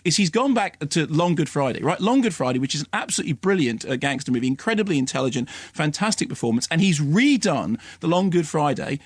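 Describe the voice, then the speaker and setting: A man's voice: a little high, very animated, fast talker, few pauses, husky, dry recording, studio quality. A man reviewing films on the radio in a sardonic, ranting manner, breaking into mocking impressions. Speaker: film critic.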